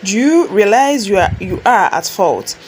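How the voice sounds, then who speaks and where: A woman's voice: mid-range voice, big pitch swings, unhurried, darkish tone, a little hiss or hum. A woman with a Nigerian accent voicing an angry, proud young husband who speaks in a curt, irritated way.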